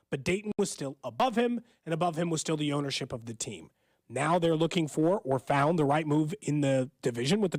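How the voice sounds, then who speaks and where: A man's voice: high voice, no echo. A man co-hosting a sports radio show, opinionated and thinking aloud as he talks. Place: radio studio. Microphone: studio microphone.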